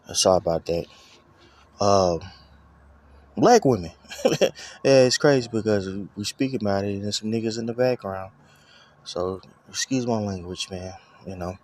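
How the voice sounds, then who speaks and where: Low-voiced man rambling through a profane testimony. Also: darkish tone. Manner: rambling, profane, full of "you know what I'm saying". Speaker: storyteller giving a personal testimony. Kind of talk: casual personal testimony.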